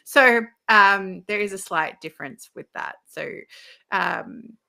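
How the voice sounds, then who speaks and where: This is an Australian woman speaking as a guest on a podcast. Her talk is loose and chatty, and she laughs easily between thoughts. Her voice is bright and a little sharp, with a gravelly fry underneath. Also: medium pitch, takes it slowly. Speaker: guest, leadership coach. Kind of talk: casual podcast chat.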